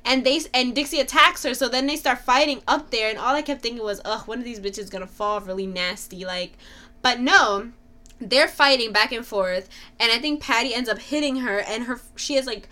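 A young woman with a bright, lifted voice and a crisp edge gossips casually about a TV show. She swears freely and scatters "like" through her sentences. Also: a little high, moderate pace. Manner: chatty, swears freely, many "like" fillers. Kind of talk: casual chat recapping a TV show.

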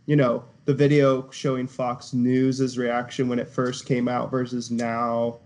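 Male podcast co-host, mid-pitched, measured and speculative. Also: monotone, a little mellow. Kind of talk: casual chat.

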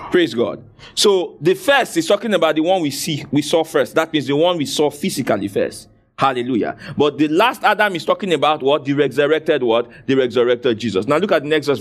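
Male preacher, sermon, animated pitch, call-and-response questioning, fairly high voice. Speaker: pastor.

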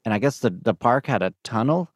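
A man's voice: medium pitch, animated, brisk, dry recording, studio quality. A man in casual podcast chat, telling an easygoing story.

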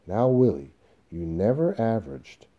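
A man's voice: deep voice, lively intonation, moderate pace, mellow, slightly rough, highs cut off. A man reading as a curt, impatient boss. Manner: curt, dismissive. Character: impatient younger male boss brushing off an employee.

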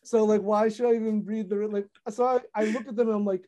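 A young woman, a content creator, chatting casually on a podcast, talking fast with lots of fillers and animated retellings. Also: mid-range voice.

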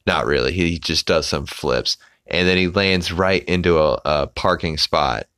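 A man's voice: deep voice, normal speed, fairly bright tone, clean tone, dry recording. A young adult man hosting a podcast, casually recapping a cartoon with lots of fillers and the odd swear, on a close mic. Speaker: podcast host.

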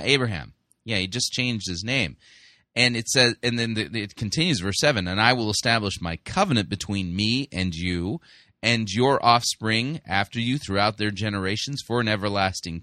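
A male podcast host reviewing a sermon in a conversational way, full of fillers, slowing down to stress key words. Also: on the low side, bright, forceful tone, dry recording, clean studio sound.

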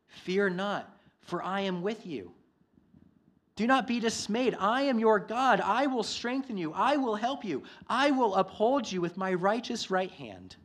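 Male pastor, sermon, emphatic, mid-pitched voice, swells from soft to loud. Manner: builds from quiet to loud, emphatic.

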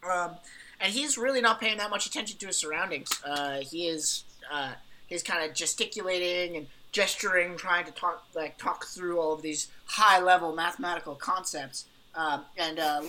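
Low, bright-toned woman player, rambling, faint background hiss. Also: moderate pace, low-quality recording. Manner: rambling, full of fillers. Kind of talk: describing a character in a tabletop game.

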